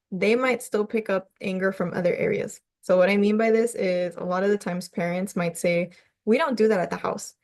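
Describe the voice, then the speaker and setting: A woman's voice: medium pitch, darkish tone, no echo. A woman family counselor giving a conversational presentation to parents, often checking in with "right?".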